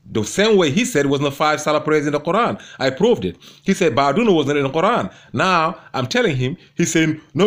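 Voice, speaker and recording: A man's voice: a little high, sing-song, quick pace, few pauses. A man commenting on a debate, gloating and mocking his opponent with much repetition. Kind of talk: commentary over debate clips.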